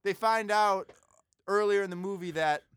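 A young man casually retells a movie plot in a crude recap, rambling, swearing, and acting out the characters as he goes. His high-pitched voice moves at a moderate pace with a fairly bright, clean tone in a dry recording.

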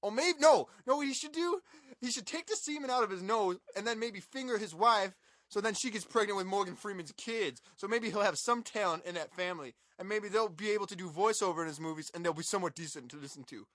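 A man's voice: sits high, quick pace, dry recording. A young man co-hosting a podcast, ranting about bad movies with crude, profane jokes. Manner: loud, profane, joking rants. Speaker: podcast co-host. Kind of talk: crude casual movie-review banter.

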